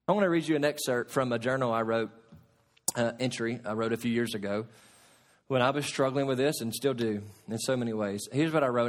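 A middle-aged man preaching a sermon as pastor, swinging between loud emphasis and hushed, quiet asides. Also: mid-range voice, a little fast.

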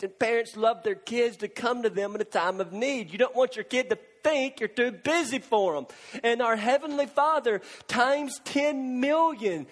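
Impassioned preacher man, high voice, big hall. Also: normal speed. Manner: impassioned, swings from loud pleading cries to hushed near-whispers. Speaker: pastor. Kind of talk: sermon.

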